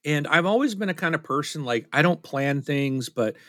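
A man's voice: a little high, expressive, moderate pace, a bit bright, no room sound, clean studio sound. A man co-hosting a podcast in casual chat, talking candidly and self-deprecatingly, rambling with restarts. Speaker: podcast co-host.

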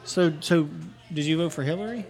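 A man's voice: on the high side, fairly quick, darkish tone, soft background music. A man co-hosting a comedy podcast, talking crudely and swearing often in casual banter. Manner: crude, heavy swearing, joking. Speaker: podcast co-host.

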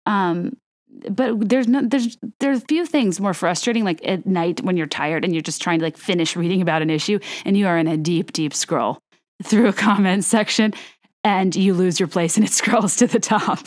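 A woman's voice: lowish voice, moderate pace. Chatty woman ranting on a podcast. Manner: chatty, animated, frequent fillers and self-corrections. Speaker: podcast host. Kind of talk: casual solo podcast rant.

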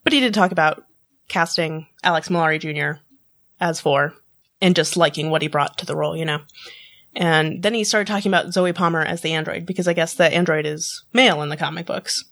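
A woman's voice: sits low, brisk, a bit bright. A woman chatting casually on a podcast, laughing often and restarting her words. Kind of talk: casual chat.

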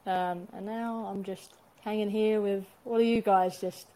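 A woman's voice: medium pitch, fairly even intonation, dark tone, rough recording. Laughing Englishwoman from London. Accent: English, London area. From England. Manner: quick, laughing, self-mocking. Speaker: guest, dog decoy instructor. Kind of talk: casual podcast chat.

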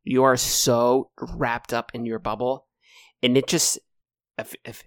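A man running a tabletop game as dungeon master, lively and jokey with quick bursts of speech. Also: medium pitch, no echo, studio quality.

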